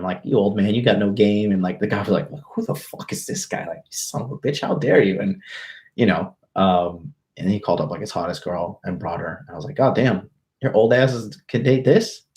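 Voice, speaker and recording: A man talks straight to his livestream viewers, telling a story with casual swagger. His voice sits on the low side, and his talk is loaded with profanity and brash slang. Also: fairly quick, darkish tone. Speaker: dating coach hosting a livestream.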